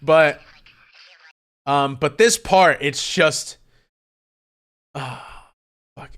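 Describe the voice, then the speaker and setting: A man streaming live, talking casually about an album he loves, excitable and swearing often, swinging between hushed and loud. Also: fairly high pitch, extremely slow, pauses often, clear, resonant tone, soft background music. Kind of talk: casual livestream music commentary.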